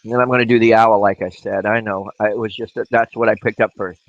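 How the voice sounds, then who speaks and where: A man with a raspy voice from a cough, chatting casually to viewers on a live stream while he works on glass pieces. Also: fairly low pitch, fairly even intonation, fast, no echo, highs cut off. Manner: rambling, talks to viewers while working.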